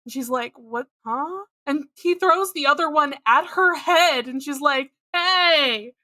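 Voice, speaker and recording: Woman co-host, bright forceful tone, blunt casual recap chat. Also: sits high, unhurried, dry recording, studio quality. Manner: wry, blunt, swears casually. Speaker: podcast co-host.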